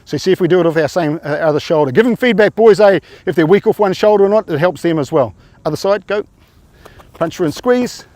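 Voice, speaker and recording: A man's voice: high-pitched, fast, darkish tone, dry recording. A man coaching rugby players through tackle drills, informal and encouraging, often quizzing them.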